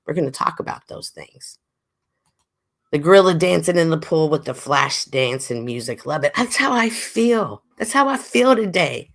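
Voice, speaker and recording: Casting note: animated woman livestream host, slightly stuffy, gravelly edge, twang, chatty delivery. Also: low voice, moderate pace. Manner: animated, chatty, swings from loud exclaims to murmurs. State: a little stuffy. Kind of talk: casual livestream chat, reading chat comments.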